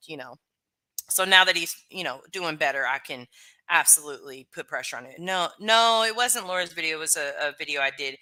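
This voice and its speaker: A woman's voice: sits low, pushed and bright. A woman live streamer chatting casually with her viewers, rambling and full of fillers.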